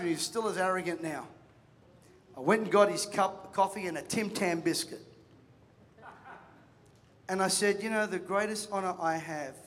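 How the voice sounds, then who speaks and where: A man preaches to a congregation, telling stories and acting out the people in them. His voice sits very high and rings bright and forceful. A long reverb from the hall trails his words. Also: slight background noise. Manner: animated storytelling, acts out voices, jokes with the crowd. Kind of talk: sermon.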